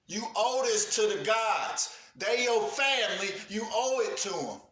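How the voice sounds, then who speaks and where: A man's voice: sits high, lively intonation, measured pace, a bit bright, echoey room. A man ranting on a livestream with profane urgency, calling out cowards and praising his viewers. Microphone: livestream setup.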